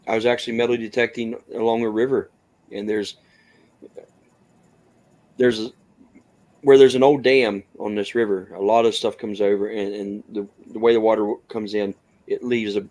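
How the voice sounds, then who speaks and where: A man's voice: fairly low pitch, level tone, moderate pace, long pauses, a little mellow. A man from West Virginia hosting a casual open-mic podcast, talking in an easygoing way with frequent restarts. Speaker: podcast host.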